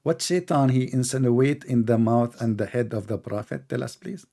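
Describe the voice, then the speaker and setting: A man hosting a live online debate, combative and mocking, who reads out scripture slowly and deliberately. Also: mid-range voice, vocal fry, dark tone. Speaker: debate host.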